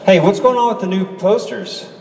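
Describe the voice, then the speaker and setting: A man's voice: high voice, sing-song, normal speed, crowd noise. A man joking and teasing casually on a convention panel stage. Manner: playful, teasing, laughing. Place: large convention hall. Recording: roomy hall reverb from far off.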